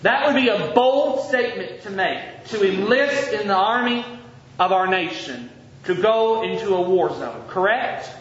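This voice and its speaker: A man preaching a sermon to his congregation, reading scripture aloud with emphatic, drawn-out phrases and putting direct questions to the listeners. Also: high voice, animated, a bit bright, echoey room, dull audio, a little hiss or hum. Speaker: pastor. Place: church sanctuary.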